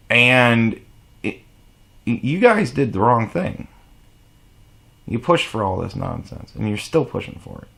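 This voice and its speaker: Man, vlogger, gravelly voice, mid pitch, profane exasperated rant. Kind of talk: ranting monologue to camera.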